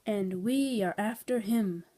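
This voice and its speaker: A woman voicing a kindly old grandmother in a gentle storybook delivery. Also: medium pitch, slow, slight background noise, lightly acted.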